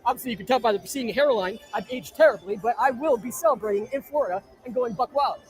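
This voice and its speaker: A man from New Jersey hosting a live stream, rattling off viewer shout-outs with brash, crude jokes from inside an arena. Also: very high voice, fast talker, soft background music. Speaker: livestream host. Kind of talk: live-stream chat reading viewer comments.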